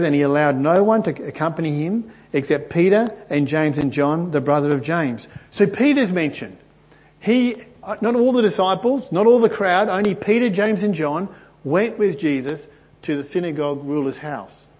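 A husky-voiced pastor teaches from the Bible at a moderate pace, earnest and animated, his pitch and volume often climbing. At one point he clears a stuffy throat.

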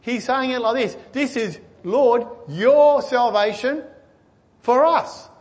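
A man preaching a sermon, earnestly asking his listeners questions and swinging between excited and hushed delivery. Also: very high voice. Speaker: pastor.

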